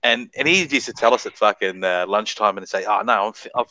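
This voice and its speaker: A man's voice: fairly low pitch, fairly quick, pushed and bright, no room sound, muffled recording. A man with an Australian accent telling a crude story in a casual voice chat, swearing constantly and laughing as he talks.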